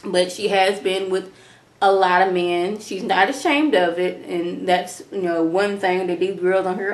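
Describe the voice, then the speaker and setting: A young woman giving a casual, animated episode review to camera at home, breaking into mocking impressions. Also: fairly low pitch, a little slow. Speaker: reality TV reviewer. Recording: echoey room.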